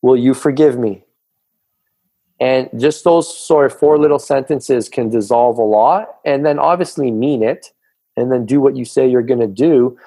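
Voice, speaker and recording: A man's voice: mid-range voice, moderate pace, dark tone, no room sound. A middle-aged man who is a guest on a podcast, talking as a fitness coach with emphatic, coaching conviction. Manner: emphatic, coaching tone, acts out quoted voices. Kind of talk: casual podcast conversation.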